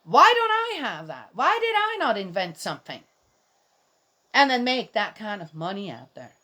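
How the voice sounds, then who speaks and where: A woman's voice: medium pitch, big pitch swings, normal speed, pushed and bright. A middle-aged woman giving casual, indignant commentary on a Bible reading, rambling and speaking straight to her viewers.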